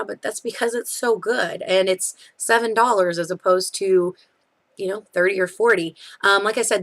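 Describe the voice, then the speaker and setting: A young woman giving a casual, chatty review of beauty products, full of fillers and quick self-corrections. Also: medium pitch, fairly bright tone. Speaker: beauty vlogger.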